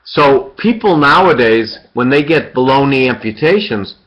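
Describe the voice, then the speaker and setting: A man's voice: medium pitch, animated, normal speed. A man giving an interactive surgery lecture, quizzing students by name and repeating key points. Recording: dull lo-fi lecture recording.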